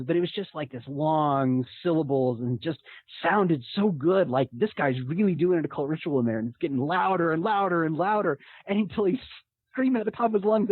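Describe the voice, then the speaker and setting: A man telling a tabletop gaming story in a casual, animated way, often laughing. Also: a little high, breathy edge, no room sound. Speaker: podcast guest; game master telling a story. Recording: tinny phone-like line.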